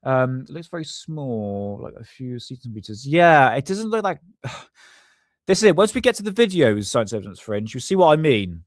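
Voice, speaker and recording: A man's voice: medium pitch, very animated, normal speed, no echo, studio quality. A man hosting a live stream in casual commentary, rambling, chuckling and stumbling over words as he reads along. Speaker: livestream host.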